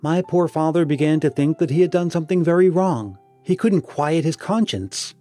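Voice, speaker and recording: Earnest gentle older sister, read by a guy in an audiobook, mellow, faint music. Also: a little high, moderate pace, natural voice. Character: earnest, sentimental elder sister, woman. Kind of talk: read-aloud dialogue in an audiobook.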